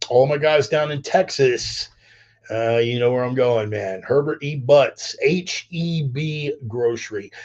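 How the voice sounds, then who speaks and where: A man from California hosting a podcast, ranting bluntly with heavy swearing and animated asides. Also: medium pitch, lo-fi sound. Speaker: podcast host. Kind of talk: profane rambling rant.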